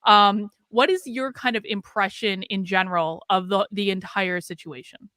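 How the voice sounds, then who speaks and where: A middle-aged woman hosting a livestream in a bright, sharp voice, recorded dry and close. She is chatty and prompting, and keeps the guest talking with quick mm-hmms. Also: medium pitch, steady tone, dry recording. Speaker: host. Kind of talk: livestream interview.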